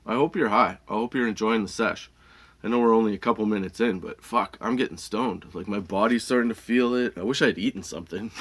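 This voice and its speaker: Laughing, profane comic storyteller man. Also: on the low side. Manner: profane, animated, laughs between lines. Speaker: podcast host.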